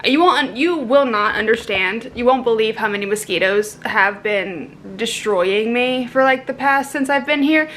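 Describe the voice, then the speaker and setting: A woman's voice: a little high, moderate pace, hardly any pauses, a bit bright, slight background noise. A young woman chatting casually to her camera indoors as a travel vlogger, rambling and laughing often. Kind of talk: casual vlog chat to camera. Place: indoors at a lodging. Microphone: handheld camera.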